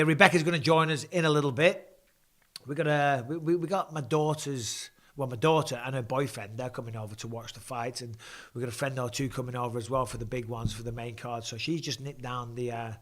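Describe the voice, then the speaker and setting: A middle-aged former fighter with a slightly high, somewhat bright voice hosts a live fight watch-along. He's chatty, swears freely and casually, and reads out viewer comments.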